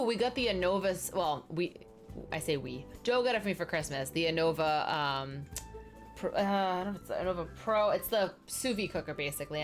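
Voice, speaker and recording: A young adult woman streaming a life-sim game, chatting casually and talking straight to her viewers. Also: mid-range voice. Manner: chatty, talks straight to the chat and answers viewers by name.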